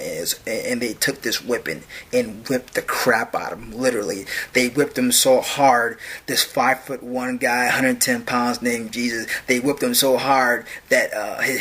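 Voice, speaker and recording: A man's voice: mid-range voice, sharp tone, breathy edge. A man ranting to camera in a mocking way, stammering and repeating himself. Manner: stammering, rambling repetitions. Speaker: video host.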